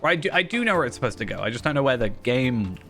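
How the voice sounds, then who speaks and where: Racing and very animated, a mid-range male voice delivers rambling, self-mocking gaming commentary during a stream. Game music sits faintly behind him.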